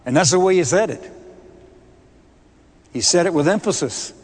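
A man's voice: sits high, expressive, normal speed, pauses often, husky, big-room sound. A man preaching a sermon, emphatic and repeating key words with rising force.

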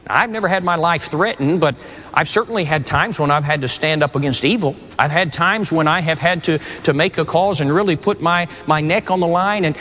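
A man with a fairly high voice preaching a sermon, earnest and conversational, stumbling over the first words of his phrases. His voice rings with a long reverb, like a sanctuary. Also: a little fast, sharp tone, slight background noise.

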